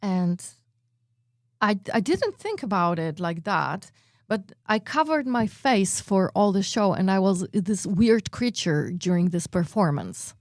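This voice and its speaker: Animated woman. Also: mid-range voice, measured pace, no room sound, clean studio sound. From Poland. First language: Polish. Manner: animated, acts out her own reactions, many "like" fillers. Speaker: radio guest, performer. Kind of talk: personal storytelling in an interview.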